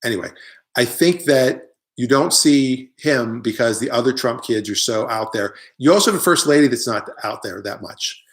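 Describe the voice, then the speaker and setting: A middle-aged man with a plain, mid-pitched voice, holding forth in a loose comic monologue. He rambles from point to point, tosses off wry asides and answers viewers as he goes, talking casually, like someone hosting his own live stream. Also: expressive, moderate pace. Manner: rambling, opinionated, jokey asides. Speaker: comedian hosting a live online show.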